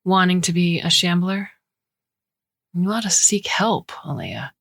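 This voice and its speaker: A woman voicing a flat, weary young mother. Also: medium pitch, unhurried, slightly rough, pitched above the performer's own voice, exaggerated voice. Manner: flat, dry.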